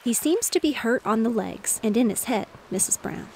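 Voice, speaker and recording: A woman reading aloud, voicing a kindly old retired male sailor with a gruff, homespun way of talking. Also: fairly high pitch, animated, moderate pace, darkish tone, a little hiss or hum, low-quality recording. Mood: homely.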